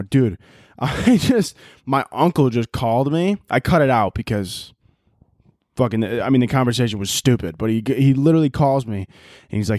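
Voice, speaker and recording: A young man hosting a casual solo podcast, telling stories in a profane, laughing, animated way. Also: medium pitch, fast talker, no echo, studio quality. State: out of breath. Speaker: podcast host.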